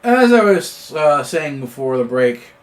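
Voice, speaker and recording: Very animated and high-pitched, this Canadian host speaks at a measured pace on his independent news commentary show. He delivers unscripted political commentary, peppered with fillers and frequent restarts.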